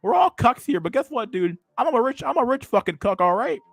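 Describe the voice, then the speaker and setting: A man's voice: very high voice, sing-song, brisk, gravelly, no room sound, faint music behind, voice pushed up, exaggerated voice. A man putting on a smug, taunting older self-help guru as a profane parody on a livestream.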